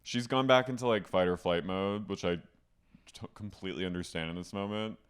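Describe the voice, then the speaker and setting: A man co-hosting a casual podcast, campy and animated, often mimicking people in a high mock voice. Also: normal speed, smooth. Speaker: podcast co-host. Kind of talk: casual chat.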